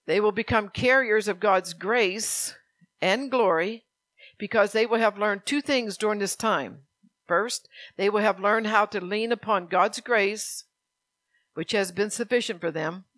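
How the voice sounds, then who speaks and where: A woman pastor preaching to her congregation. She reads scripture slowly and earnestly and stops to ask her listeners direct questions. Her voice sits in a middle register and sounds dry and close, with little room sound. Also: mid-range voice, a bit bright, no room sound. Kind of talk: sermon with scripture reading.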